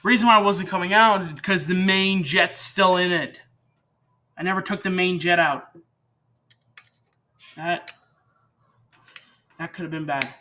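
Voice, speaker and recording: A man's voice: sits high, unhurried, pauses often, pushed and bright. A teenage boy hosting a casual how-to, rambling and chatty as he works at a home workbench, often correcting himself. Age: teens. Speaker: channel host demonstrating repair.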